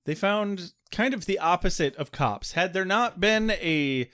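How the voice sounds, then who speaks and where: A man talks through an episode recap in casual chat, dry-humored and quick to swear. His voice sits a little higher than most men's. He sounds like a relaxed podcast co-host. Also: clear, resonant tone. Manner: sardonic, profane recapping.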